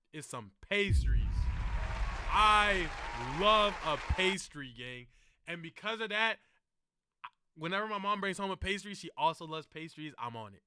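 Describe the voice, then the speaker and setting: A man's voice: high-pitched, no room sound, clean studio sound. A young man streaming and reacting to videos, chatting casually with lots of slang like bro and gang. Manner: slangy and animated, calling the listener bro and gang.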